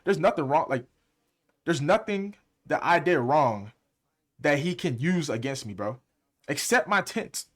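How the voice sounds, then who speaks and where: A young man, a music producer and streamer, telling a story in a fast, heated, slang-heavy way. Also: fairly high pitch, animated. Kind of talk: casual storytime.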